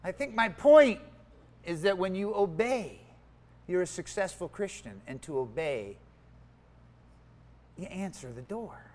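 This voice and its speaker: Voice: mid-range voice, measured pace, pauses often. A preacher giving a conversational sermon, explaining word meanings and asking the listeners questions. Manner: animated and conversational, swinging from quiet asides to emphatic exclaims; teaches word meanings and asks the audience questions.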